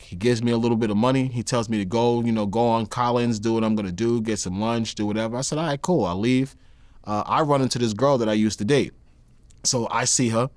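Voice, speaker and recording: A man in his thirties, talking as a guest in a close, dry studio sound. He tells his story in a lively, candid way, slipping into the voices of the people he quotes. His pitch sits in the middle for a man. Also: fast, dry recording. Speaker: interview guest.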